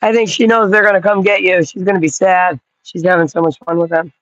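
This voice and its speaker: A woman's voice: fairly low pitch, steady tone, fairly quick, no room sound, highs cut off. A woman vlogging from her yard in a loose, rambling way, cooing at dogs and swearing casually. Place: outdoors in a yard.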